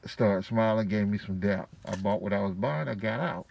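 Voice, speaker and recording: A man's voice: fairly low pitch, moderate pace, creaky, darkish tone. A man telling a casual personal story to his viewers, slangy and profane with a laid-back delivery. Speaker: vlogger.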